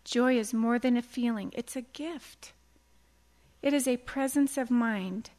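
A middle-aged woman teaching a devotional Bible talk, earnest and animated, telling stories and acting out quotes. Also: a little high, measured pace. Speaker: women's Bible study teacher.

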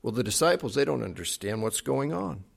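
A man preaching a sermon, retelling a Bible story with dramatic swings between loud acted quotes and soft, hushed passages. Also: medium pitch, big pitch swings, brisk, gravelly. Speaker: pastor.

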